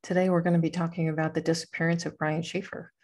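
A woman's voice: on the low side, little pitch movement, fast talker, darkish tone. A woman hosting a podcast, chatting casually in a rambling, playful way and laughing often. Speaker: podcast host. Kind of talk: casual chat.

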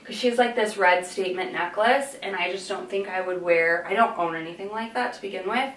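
A woman's voice: medium pitch, brisk, fairly bright tone, recorded from a distance, slight background noise. A young woman chatting casually in a fashion vlog, rambling and going off on tangents. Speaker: fashion vlogger. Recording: echoey room, voice a bit off-mic.

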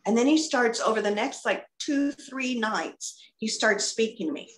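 Middle aged lady sharing her faith story on a video call, lively, acts out the voices, echoey room. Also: on the high side, moderate pace, hardly any pauses, slight background noise. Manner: animated storyteller, acts out dialogue, gushing. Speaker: ministry speaker giving testimony. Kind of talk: personal testimony over video call. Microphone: video call computer mic.

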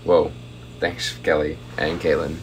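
A man's voice: very deep voice, little pitch movement, a little slow, slight background noise. A young man chatting casually on a phone livestream at home, reading out viewer comments and thanking them for gifts.

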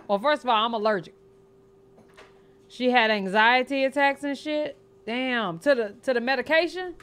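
A woman's voice: on the high side, normal speed, fairly bright tone, clear, resonant tone. A woman hosting a reaction video, talking bluntly and jokingly with profanity. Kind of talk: casual reaction commentary.

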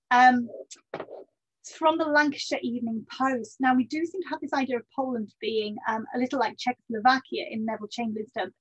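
A woman's voice: a little high, slightly rough, muffled recording. A woman researcher giving a history lecture, hesitant with many ums and self-corrections, and dropping wry asides.

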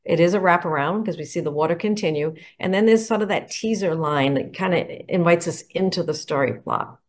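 A woman's voice: fairly low pitch, brisk. A woman educator explaining picture book covers to teachers in an enthusiastic, explanatory way. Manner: enthusiastic, explanatory, poses questions. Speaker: educator presenting picture books. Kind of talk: instructional talk to teachers.

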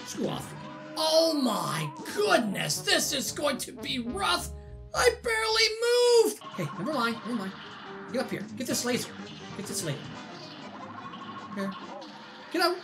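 A woman gamer narrating her own play with excitable, exclaiming reactions. Her voice is very high and swoops around a lot, though she talks unhurriedly. Loud game music plays under her. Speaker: gaming channel host. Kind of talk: let's play commentary.

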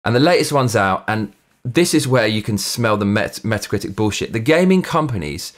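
A man's voice: on the low side, sing-song, normal speed. A man hosting his own show, giving a blunt, profane, sarcastic rant. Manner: mock Russian accent when reading reviews aloud. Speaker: host. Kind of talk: ranting commentary.

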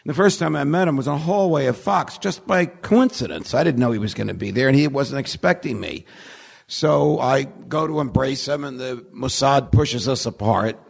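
In a reverberant large conference hall, a man lectures as a guest speaker at a podium microphone, spinning humorous anecdotes wryly and chuckling at his own jokes. He speaks at medium pitch and moderate pace, with a gravelly, husky voice.

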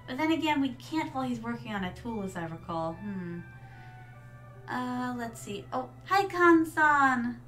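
A woman's voice: a little high, moderate pace, recorded from a distance, faint music behind. A woman streaming a farming game, chatting casually and calling her viewers darlings. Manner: chatty, reads game lines aloud, addresses chat as darlings. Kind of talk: casual gameplay chat.

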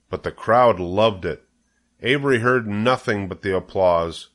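An older man reading a children's novel aloud in a steady, gentle read-aloud manner. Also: on the low side, a little slow. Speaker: storybook reader.

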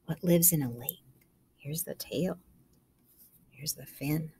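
A woman, a kindergarten teacher, reading a picture book aloud to children in a gentle, coaxing way, asking them questions and dropping to soft whispers. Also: sits low, takes it slowly, gravelly, breathy edge.

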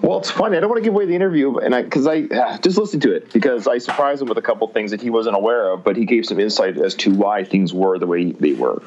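A man from Canada with a Canadian accent, a guest chatting in a low-key, modest, slightly hesitant way on a podcast. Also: expressive, fast, few pauses, a little mellow, dull audio, a little hiss or hum. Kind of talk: casual podcast chat.

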